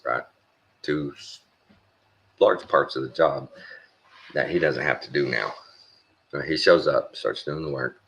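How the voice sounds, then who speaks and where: A middle-aged Texan vlogger tells a rambling, blunt story in a casual rant, halting with fillers. His voice is rumbling low and creaky yet fairly bright.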